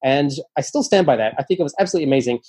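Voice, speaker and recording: A man's voice: on the high side, rapid-fire, slightly rough. A man being interviewed about his writing, telling stories casually and animatedly, with lots of fillers and playful quoted dialogue. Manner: animated, often acts out quoted dialogue in a raised voice; chatty, many fillers and restarts. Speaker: interview guest, nonfiction author. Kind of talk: casual conversational storytelling.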